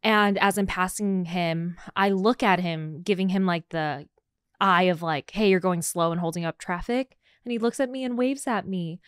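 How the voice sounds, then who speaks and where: A woman co-hosting a podcast in casual chat, expressive and emphatic, often acting out quotes. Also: on the low side, normal speed, clear, resonant tone, no echo, studio quality. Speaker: podcast co-host.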